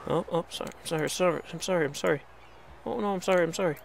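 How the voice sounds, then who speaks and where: A man's voice: fairly high pitch, fairly quick, creaky. A young man commentating on his game, exasperated and pleading, swearing at the animals as he plays. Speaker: let's play host. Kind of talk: casual gameplay commentary.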